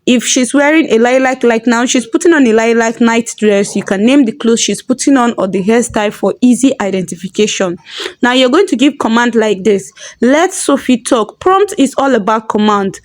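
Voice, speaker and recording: A woman's voice: on the high side, expressive, moderate pace. Woman explaining patiently. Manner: patient, instructive, repeats herself. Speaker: tutorial host. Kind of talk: step-by-step tutorial.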